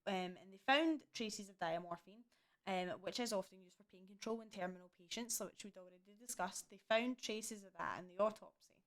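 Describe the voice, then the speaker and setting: A woman's voice: mid-range voice, brisk. A young woman casually chatting through a true crime case, indignant and swearing freely. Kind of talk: casual chat.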